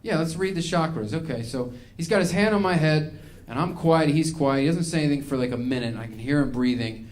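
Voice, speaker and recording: A man's voice: mid-range voice, brisk, few pauses, a little mellow. A male stand-up comedian performing a set on stage, ranting in a mock-angry way.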